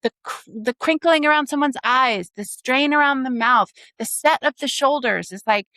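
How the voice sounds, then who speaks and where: A woman's voice: high voice, dry recording. A woman co-hosting a casual conversation, talking expressively and quoting herself. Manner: expressive, quick to quote herself. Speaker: podcast co-host.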